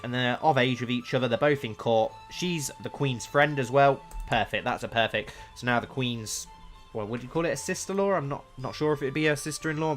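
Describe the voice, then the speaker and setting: Chatty man narrating a strategy game. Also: medium pitch. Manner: chatty, thinking aloud, easily excited. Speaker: let's play streamer. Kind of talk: casual gameplay commentary.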